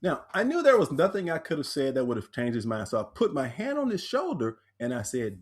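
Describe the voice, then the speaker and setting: A man, a speaker and author, telling personal stories in a podcast interview, animated and acting out the voices he quotes. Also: on the high side, fairly quick, few pauses, husky.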